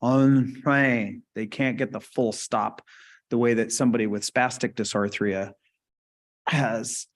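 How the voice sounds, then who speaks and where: A man's voice: on the low side, steady tone, measured pace. Casual lecturing man at a conference. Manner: casual, explanatory, checks in with audience. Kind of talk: live lecture with slides. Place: conference hall.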